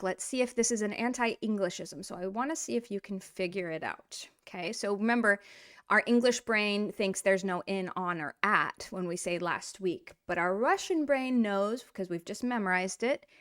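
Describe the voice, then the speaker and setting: A woman teaching a casual language lesson, animated and playful, speaking straight to the learner. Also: mid-range voice. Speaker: Russian teacher.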